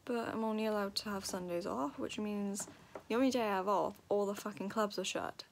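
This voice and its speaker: A woman's voice: medium pitch, fairly quick, vocal fry, a little hiss or hum. An eighteen-year-old woman venting in a casual vlog, swearing and ranting with frustration. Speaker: vlogger.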